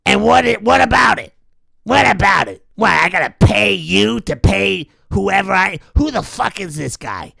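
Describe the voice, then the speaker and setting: A man putting on an impression of an entitled, crude male Hollywood mogul who boasts and shouts. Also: sits high, expressive, moderate pace, vocal fry, no echo, studio quality, voice pushed up, full character voice. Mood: indignant.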